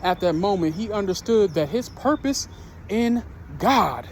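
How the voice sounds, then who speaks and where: A man with a high-pitched voice preaches a sermon in an earnest, halting manner, circling back on his words as he tells a story. Faint street and traffic noise sits underneath. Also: animated, darkish tone. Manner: earnest, repetitive storytelling with restarts.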